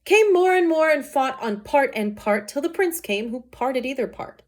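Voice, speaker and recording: A woman reading an honest young man's account of a fight in an earnest, measured way. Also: sits high, expressive, darkish tone, pitched above the performer's own voice. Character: honest young male nephew, calm reporter.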